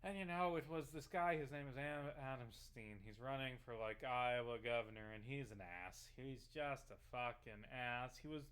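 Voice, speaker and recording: A man's voice: mid-range voice, fairly even intonation, normal speed, few pauses, fairly bright tone, clear, resonant tone. A man ranting casually and sarcastically, swearing often, while talking over a video game he plays. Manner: profane, sarcastic, rambling. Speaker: vlogger and local reporter.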